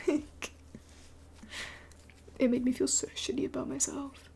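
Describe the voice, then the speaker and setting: A woman's voice: high-pitched, flat delivery, takes it slowly, gravelly, darkish tone. A young adult woman streaming live late at night, mostly whispering as she answers chat in a blunt, swearing way.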